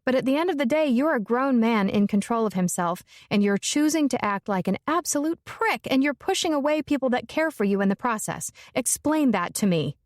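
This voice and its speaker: A woman's voice: a little high, expressive, a little fast, few pauses, no echo, clean studio sound, voice pushed up, lightly acted. A woman narrator voicing a blunt, fiery young woman, speaking emphatically and forthrightly.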